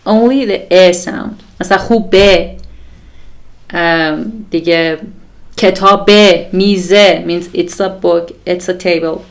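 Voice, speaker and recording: A woman's voice: lowish voice, fairly even intonation. Persian-accented woman teaching a live lesson. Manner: patient, explains slowly, switches between English and Persian. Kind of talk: live online language lesson.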